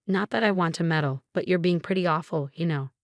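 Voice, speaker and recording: Disdainful mother-in-law, read by a woman: low, dry voice with cool condescension. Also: a little fast, no room sound, close to an everyday voice. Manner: cold, condescending.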